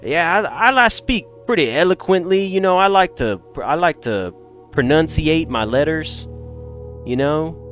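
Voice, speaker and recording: A man's voice: a little high, expressive, measured pace, fairly bright tone, soft background music, pitched above the performer's own voice. A man voicing a folksy country man with a put-on American Southern drawl. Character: folksy country man, easygoing and plain-spoken.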